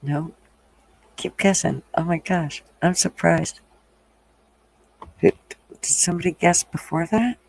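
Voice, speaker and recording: Slow, blunt, foul-mouthed woman from the South. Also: lowish voice, creaky, a little mellow. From American South. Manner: blunt, profane, teasing. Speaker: livestream host. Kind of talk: casual livestream chat.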